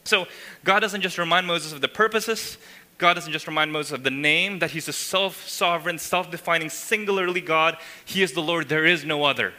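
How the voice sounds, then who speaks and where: Bright-voiced preacher in an echoing church. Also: male voice, fairly high pitch, moderate pace. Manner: emphatic, frequent tag questions, voices God's words. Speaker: pastor. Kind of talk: sermon. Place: church sanctuary. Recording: long hall reverb.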